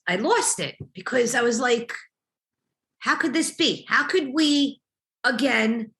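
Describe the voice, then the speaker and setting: A woman's voice: fairly high pitch, pushed and bright. A woman in her thirties, a mother telling her family's story in an emotional, reflective testimony, often quoting what was said. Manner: emotional, reflective, quotes dialogue with small laughs. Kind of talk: personal testimony interview.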